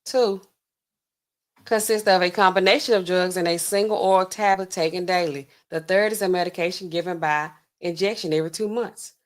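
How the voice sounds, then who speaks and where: A woman's voice: lowish voice, steady tone, fairly quick. A middle-aged woman hosting a pharmacy livestream, chatting casually with her viewers and carefully sounding out drug names.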